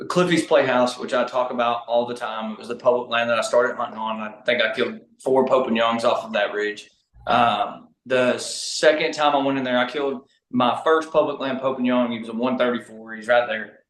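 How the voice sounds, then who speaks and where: A man guesting on a podcast, telling hunting stories in a lively, casual way, speeding up in bursts. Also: mid-range voice. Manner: animated, talks fast in bursts, laughs mid-story. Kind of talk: casual storytelling chat. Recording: roomy echo.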